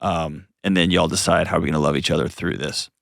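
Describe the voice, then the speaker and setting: A male host with a lowish, creaky voice gently and earnestly coaches a caller on his advice call-in program, frequently restarting sentences while thinking aloud. His tone stays steady and his pace brisk, in a dry, close studio sound with no room noise.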